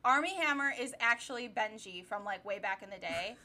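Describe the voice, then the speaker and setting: A young woman co-hosting a casual comedy podcast, recapping scenes in an animated, sarcastic way. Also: medium pitch, brisk. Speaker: podcast co-host. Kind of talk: casual comedic rewatch chat.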